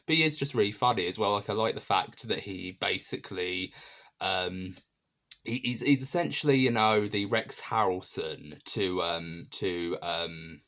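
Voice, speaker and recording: A man's voice: deep voice, a little slow, a bit bright. A man giving a casual spoken review of a TV episode, chatty and earnest, with many fillers and restarts.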